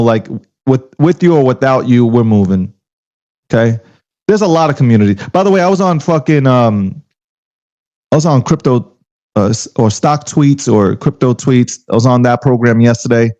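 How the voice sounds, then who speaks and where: Talking crypto, a man with a medium-pitched, darkish voice gets heated and profane in a casual rant. He keeps throwing out emphatic rhetorical questions. The recording sounds dull and lo-fi.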